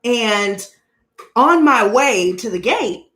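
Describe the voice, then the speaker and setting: A young woman who hosts a tarot channel tells a story in a casual vlog, talking loudly and swearing a lot. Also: mid-range voice, slow. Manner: loud, profane, animated storyteller. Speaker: tarot reader and channel host.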